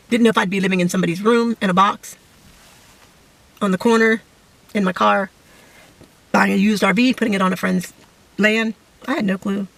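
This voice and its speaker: A middle-aged woman giving an emotional personal testimony to camera, halting and fighting back tears. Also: medium pitch, vocal fry, breathy edge, recorded from a distance, low-quality recording. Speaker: vlogger sharing a testimony.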